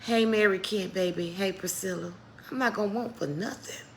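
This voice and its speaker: A woman's voice: mid-range voice, normal speed, creaky, slight background noise. A middle-aged woman giving a motivational faith talk on a live stream, preacherly and calling her viewers "baby". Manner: preacherly, calls viewers "baby", greets chat by name.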